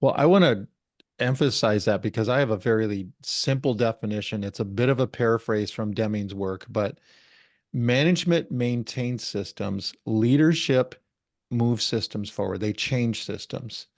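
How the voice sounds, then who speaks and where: A man co-hosting a business podcast, explaining ideas in a measured, step-by-step way. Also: lowish voice, dry recording, clean studio sound. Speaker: podcast co-host. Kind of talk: conversational discussion.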